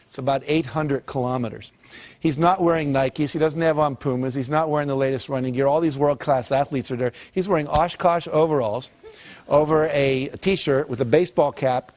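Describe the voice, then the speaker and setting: An older man giving a motivational talk and telling lively stories, acting out the people in them. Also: mid-range voice. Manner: lively storyteller who acts out quoted characters. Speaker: motivational speaker.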